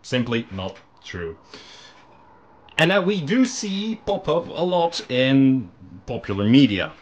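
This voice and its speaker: A man hosting a hobby channel, explaining in a relaxed, casual monologue with frequent ums and restarts. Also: mid-range voice, slow, muffled recording. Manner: relaxed, conversational. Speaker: miniature painting channel host.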